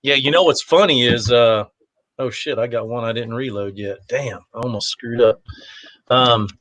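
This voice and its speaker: A man's voice: mid-range voice, normal speed, a bit bright, no room sound. A man talking as a guest in a casual chat, easygoing and rambling, with lots of fillers. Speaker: guest, competitive shooter.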